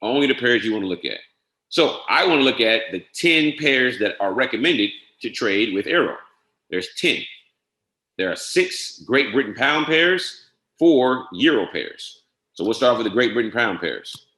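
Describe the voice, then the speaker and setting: Methodical man walking through software setup. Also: medium pitch, animated, normal speed, echoey room. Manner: methodical, spells out each entry step by step; casual, drops frequent "all right?" check-ins. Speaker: software trainer. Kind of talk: screen-share software walkthrough.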